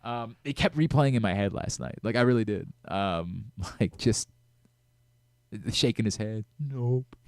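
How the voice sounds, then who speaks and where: A middle-aged man hosting a sports radio talk show, talking in an animated way with frequent restarts and self-corrections. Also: fairly low pitch, unhurried, smooth, dry recording, studio quality.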